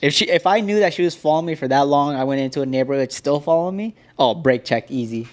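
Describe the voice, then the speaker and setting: A young man in his twenties co-hosting a casual podcast, chiming in with quick reactions and laughs. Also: fairly high pitch. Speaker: podcast co-host. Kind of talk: casual chat.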